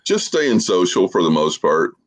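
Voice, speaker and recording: A man's voice: deep voice, big pitch swings, moderate pace. A man in his forties from Florida, chatting as a podcast guest in an easygoing, rambling storytelling way with plenty of fillers. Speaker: guest, social media creator. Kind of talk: casual podcast chat, storytelling.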